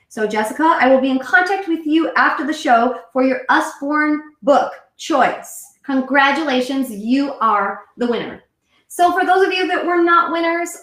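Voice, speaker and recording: A woman's voice: high-pitched, a bit bright. A woman in her thirties hosting a live web show for moms, chatting casually to camera and often wandering off topic. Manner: chatty, rambling, self-correcting. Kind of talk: casual solo chat to camera. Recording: echoey room.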